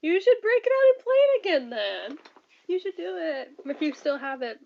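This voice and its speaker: A woman's voice: extremely high pitch, big pitch swings, moderate pace, gravelly. A woman in her thirties chatting casually on a home stream, blunt and profane, laughing often and ranting. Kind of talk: casual chat reading viewer comments. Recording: dull lo-fi stream audio.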